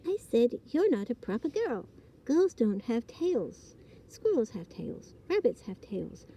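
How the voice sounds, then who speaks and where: A woman's voice: on the high side, sing-song, slow pace, dark tone, breathy edge, full character voice. A woman voicing a small, curious baby barn owl boy in an earnest, innocent storybook reading. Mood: cross.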